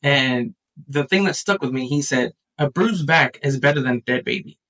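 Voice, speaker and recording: A man in a casual podcast chat, telling a family story with lively acted-out quotes. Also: mid-range voice, moderate pace, distant mic, poor audio. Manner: animated storyteller, acts out quotes.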